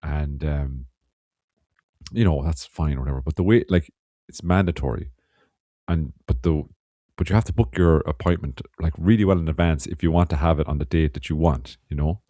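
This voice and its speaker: Irish male podcast co-host, rambling storyteller, deep dark voice. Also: moderate pace, no room sound, clean studio sound. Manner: rambling, swearing, laughs often. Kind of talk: casual chat.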